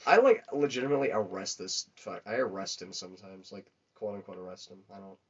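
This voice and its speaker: A man's voice: low-pitched, fast talker, breathy edge. A young man chatting casually on a podcast, telling rambling, crude, profanity-laden stories. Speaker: podcast co-host. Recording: dull lo-fi recording.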